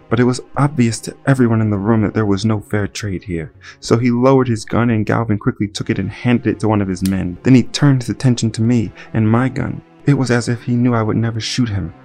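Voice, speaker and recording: A man's voice: medium pitch, fairly quick, gravelly, a little mellow, faint music behind. A man reading a first-person audiobook narration with dry, wry asides.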